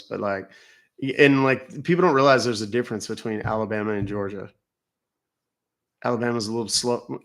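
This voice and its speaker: A man's voice: on the low side, creaky, fairly bright tone. A middle-aged man from Texas, hosting a live stream in casual, joking, profane and rambling chat.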